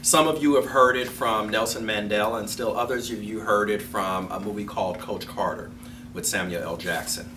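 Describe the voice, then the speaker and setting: A talk show host interviewing a guest, enthusiastic and a little halting. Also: male voice, lowish voice, fairly even intonation, distant mic, noisy background. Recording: roomy, off-mic.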